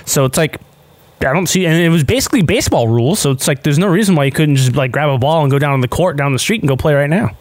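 A man's voice: a little high, fast talker, no room sound. A man co-hosting a casual movie podcast, rambling and laughing as he retells scenes.

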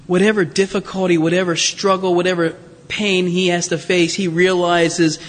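A man preaching a sermon in a conversational, animated way, with restarts and rhetorical questions. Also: high-pitched, normal speed. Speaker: pastor. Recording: long reverb of a large hall.

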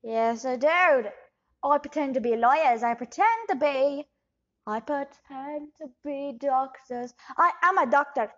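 A woman's voice: sits high, measured pace, a bit bright, dull audio. A woman improvising a bumbling scammer who poses as a doctor, rambling and switching accents. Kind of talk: improvised comedy interview.

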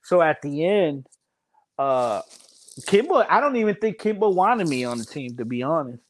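A man telling loud, animated stories from a game in casual podcast chat, laughing often and swearing freely. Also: on the high side, normal speed.

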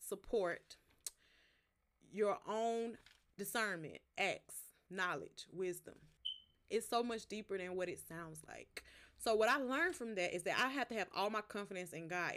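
Woman giving a casual devotional talk. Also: mid-range voice. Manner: relaxed, conversational, talks straight to listeners; stops to explain words one by one. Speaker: podcast host.

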